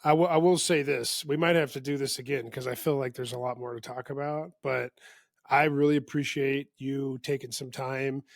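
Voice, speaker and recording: A man's voice: mid-range voice, fairly even intonation, moderate pace, no echo, clean studio sound. A man hosting a podcast, easygoing and enthusiastic, reacting with slangy remarks. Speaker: podcast host. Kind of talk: casual chat.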